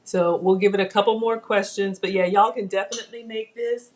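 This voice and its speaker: A woman's voice: medium pitch, steady tone, fairly quick. A middle-aged woman hosting a casual home cooking livestream, chatting and reading viewer comments aloud from her kitchen.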